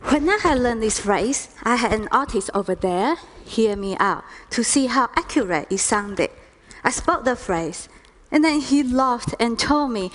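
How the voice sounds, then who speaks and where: Slow-spoken Chinese woman interpreting on stage. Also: a little high, expressive. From China. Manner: slow, deliberate phrasing. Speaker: performer interpreting in first person. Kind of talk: stage talk. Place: lecture stage.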